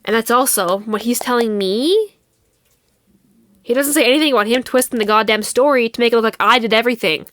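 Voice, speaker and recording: A woman's voice: on the high side, brisk, fairly bright tone, dry recording. A young adult woman hosting a podcast, retelling a personal drama in a heated, profane, indignant way. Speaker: podcast host. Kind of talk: casual storytelling monologue.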